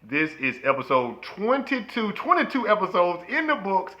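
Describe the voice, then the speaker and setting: A man co-hosting a marriage podcast, talking in a playful, preachy way with bursts of loud excited laughter. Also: high-pitched, normal speed, muffled recording. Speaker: podcast co-host. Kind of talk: casual chat.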